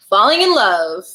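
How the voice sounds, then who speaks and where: A woman's voice: a little high, sharp tone. A woman giving casual live tarot readings, chatty and laughing often as she talks to viewers. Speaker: tarot reader.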